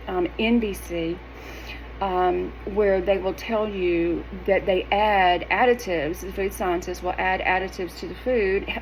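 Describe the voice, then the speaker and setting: A woman's voice: medium pitch, a little hiss or hum, rough recording. Sassy middle-aged woman vlogging. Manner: sassy, animated, emphatic. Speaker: wellness vlogger. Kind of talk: casual direct-to-camera talk.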